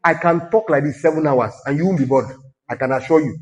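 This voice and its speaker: A man's voice: fairly high pitch, fast. A man with a Nigerian accent preaching a sermon as a pastor, exhorting and teasing his congregation in a conversational way.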